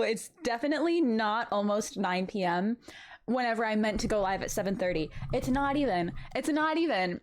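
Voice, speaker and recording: Young woman, streamer, high voice, lively swoops, bubbly, rambling, giggly. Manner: bubbly, giggly, rambling, greets chat often. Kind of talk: casual live-stream chat.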